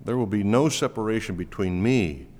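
A man preaching a sermon to a congregation, swinging between loud, rising appeals and quiet, low asides. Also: moderate pace. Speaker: pastor. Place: church sanctuary. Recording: long reverb of a large hall.

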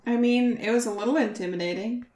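Female co-host, slightly high voice, blunt, casual cursing. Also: quick pace, mellow. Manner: blunt and casual, swears freely. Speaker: podcast co-host. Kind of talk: casual podcast chat.

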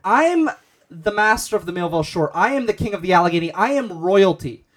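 A man's voice: high-pitched, animated, fairly quick. A man co-hosting a casual podcast chat, ranting in blustery, mock-indignant bursts. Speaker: podcast co-host.

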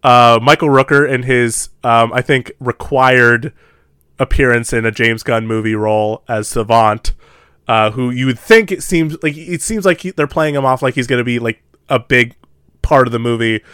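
An animated man in casual podcast chat, talking quickly in a mid-range voice and laughing often. The sound is close and dry. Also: mid-range voice, smooth, dry recording. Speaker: podcast co-host. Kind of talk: casual movie discussion.

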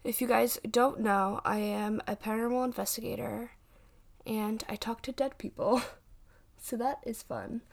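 A woman's voice: a little high, fairly even intonation, moderate pace, creaky. A woman in her twenties hosting a casual podcast, chatting in a rambling way with many fillers and restarts. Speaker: podcast host and paranormal investigator. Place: home.

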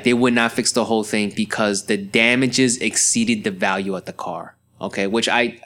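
A young man hosting a podcast, telling a story in an angry, profane rant full of cursing. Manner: animated, swings into loud high outbursts. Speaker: podcast host. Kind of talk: ranting monologue.

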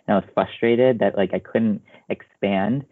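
A man's voice: on the low side, normal speed, dry recording. Earnest young man on a tinny phone-like line. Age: young adult. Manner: earnest, hesitant fillers. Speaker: student poet. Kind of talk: casual group reflection.

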